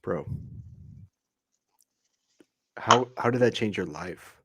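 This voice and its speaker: A man's voice: lowish voice, animated, normal speed. A man hosting a podcast from a hotel room, asking earnest follow-up questions. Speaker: podcast host. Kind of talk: casual chat.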